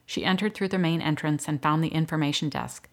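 Low-voiced woman narrating a novel. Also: steady tone, fairly quick. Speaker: audiobook narrator. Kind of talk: scripted narration.

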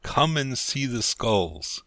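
A man's voice: medium pitch, animated, measured pace, bright, forceful tone, no echo, clean studio sound, voice pushed up. A man doing a wheedling old churchyard keeper. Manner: wheedling, insistent.

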